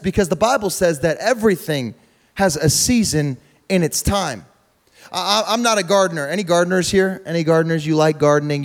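High-voiced humorous young preacher. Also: male voice. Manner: conversational, humorous, repeats words, rises to loud preaching. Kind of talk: storytelling sermon.

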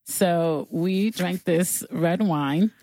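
A woman's voice: on the low side, extremely slow, dark tone, dry recording. A woman co-hosting a casual podcast, teasing playfully and laughing often. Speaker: podcast co-host. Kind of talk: casual chat. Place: small studio. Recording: dry studio sound.

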